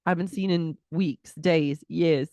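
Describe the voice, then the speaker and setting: A woman's voice: sits low, takes it slowly, no room sound, clean studio sound. A woman co-hosting a podcast, recapping a reality show in casual chat and acting out the cast's quotes. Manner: animated storytelling, acting out quotes. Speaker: podcast co-host.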